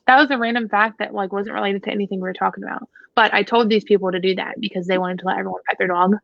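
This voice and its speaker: A woman's voice: mid-range voice, fairly even intonation, very fast, creaky, dry recording. A woman dog trainer hosting a casual Q&A chat, talking in a frank, blunt, joking way. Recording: dry, dull lo-fi sound.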